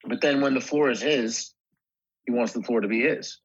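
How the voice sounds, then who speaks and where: On a slightly muffled, dull-sounding recording, a man with a husky, breathy mid-range voice talks at a moderate pace. He's a guest actor in a relaxed podcast chat who keeps circling his ideas and restarting phrases midway.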